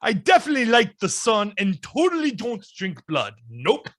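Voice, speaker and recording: A man's voice: high-pitched, wildly swooping pitch, normal speed, a bit bright, pitched above the performer's own voice, heavily acted. A man voicing Dracula, a male vampire clumsily pretending to be human in a comedy podcast bit. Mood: mock innocent. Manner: bumbling, mock-innocent, slips out of character. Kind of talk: comedic improvised reading.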